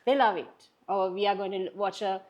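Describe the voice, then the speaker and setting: A middle-aged woman from Sri Lanka, a teacher chatting as a guest in an interview, animated and patient in her explanations. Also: mid-range voice, normal speed, muffled recording. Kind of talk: casual conversational interview.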